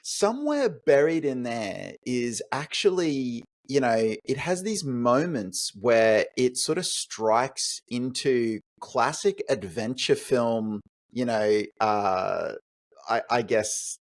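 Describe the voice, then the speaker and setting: A man's voice: medium pitch, lively intonation, slow pace. A young man co-hosting a film podcast, talking eagerly and with hedges, putting questions to his co-host. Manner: enthusiastic, hedging, asks questions. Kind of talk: casual film chat.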